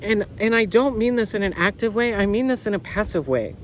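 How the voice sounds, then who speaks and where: A man giving an excitable, effusive tarot reading outdoors on a windy beach, often repeating words. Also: sits high, a little fast, rough recording. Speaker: tarot reader. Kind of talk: casual tarot reading video. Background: wind and faint ambience.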